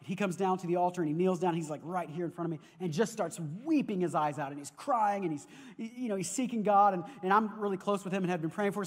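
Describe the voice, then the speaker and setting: A man preaching a sermon as pastor, telling stories in an animated way and often repeating words as he goes. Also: high-pitched, fast talker. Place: church sanctuary. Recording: long reverb of a large hall.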